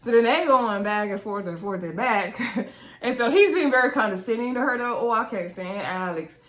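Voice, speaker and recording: A woman chatting casually to her viewers as she recaps a reality show, talking straight at them in a lively, animated way. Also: fairly high pitch, moderate pace. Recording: roomy echo.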